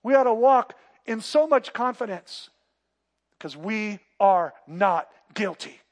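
A middle-aged man preaches with a notably high voice. He drops to soft, close passages, then climbs into loud, emphatic declarations. It is a pastor's sermon, delivered with conviction. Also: expressive, slow.

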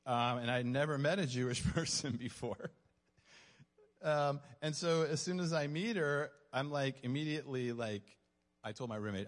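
A man tells a personal story from a stage, earnest one moment and poking fun at himself the next. His mid-pitched voice carries a long reverb from a large hall around him. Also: a bit bright. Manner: earnest, self-mocking, laughs at his own story. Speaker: speaker giving a testimony. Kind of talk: storytelling sermon.

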